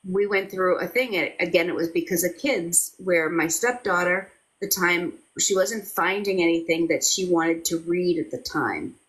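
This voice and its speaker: A woman hosts a casual video chat with a lowish voice. She talks in a chatty, encouraging way. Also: moderate pace, a bit bright, low-quality recording. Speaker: host.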